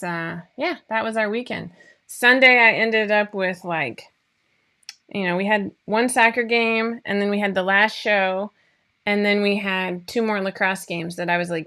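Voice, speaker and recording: Woman in her forties, chatty host, bright tense voice, rambling casual talk, laughs often. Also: mid-range voice. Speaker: host of a sewing pattern show. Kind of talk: casual chat to viewers.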